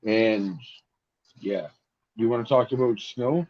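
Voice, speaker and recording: A Canadian man from Ontario telling stories in a casual chat, animated, acting out the voices of people in his stories. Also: mid-range voice, slow pace. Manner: animated storyteller, acts out dialogue. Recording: muffled lo-fi audio with faint noise.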